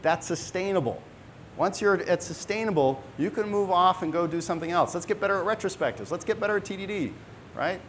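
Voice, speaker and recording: Male conference speaker, fairly high pitch, emphatic, faint background rumble. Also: expressive, a little fast, fairly bright tone. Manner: emphatic, punctuates points with "right?". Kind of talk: conference talk. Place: conference hall.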